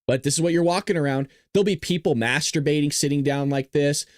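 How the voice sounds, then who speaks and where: A man's voice: a little high, quick pace, a little mellow, no room sound, studio quality. A man hosting a podcast, talking casually and rambling to viewers while he plays his own video clips. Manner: rambling, talks straight to viewers. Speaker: podcast host.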